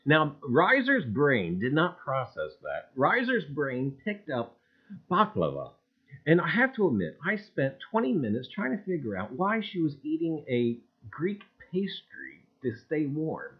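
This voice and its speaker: A folksy man hosts a casual livestream, calling out viewers' names in loud, sing-song bursts before dropping back into easy chat. His voice is a little husky and fairly high for a man, and it swoops up and down a lot. The stream audio sounds dull and lo-fi. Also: sing-song, unhurried, few pauses. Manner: folksy, repeats "gang, I tell you". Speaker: livestream host.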